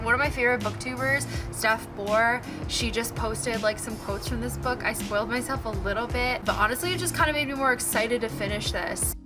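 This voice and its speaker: A young adult woman chatting excitedly and gushingly in a casual reading-reaction vlog. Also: fairly high pitch. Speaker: book vlogger.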